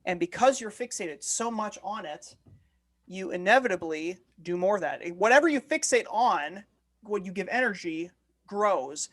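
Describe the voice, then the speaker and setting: A man's voice: high voice, lively intonation, moderate pace, fairly bright tone. A man co-hosting a casual podcast chat who jokes and teases, then explains his ideas earnestly. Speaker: podcast co-host.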